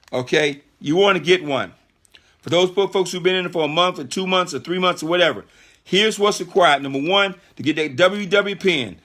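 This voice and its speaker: A middle-aged man hosting a conference call, giving an emphatic, repetitive, preacher-like motivational sales pitch. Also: a bit bright.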